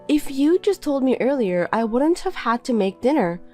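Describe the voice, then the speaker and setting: A woman's voice: high-pitched, sing-song, moderate pace, warm tone, soft background music, pitched above the performer's own voice. Defensive tired housewife, raised voice of a woman reader, pleading. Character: tired, hurt young housewife. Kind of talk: reading a text-message story.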